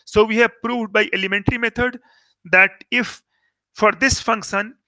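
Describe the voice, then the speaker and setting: A maths teacher with an Indian English accent teaches calculus in a recorded lecture, explaining step by step and repeating key words for emphasis. His voice is high-pitched, bright and forceful, with fairly even intonation at a moderate pace and no room sound.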